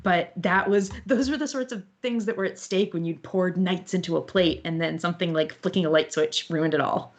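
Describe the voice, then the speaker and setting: Woman astronomer telling a lively story. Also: fairly low pitch, fairly quick, few pauses. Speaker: astronomer and author, guest. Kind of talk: storytelling in an online interview.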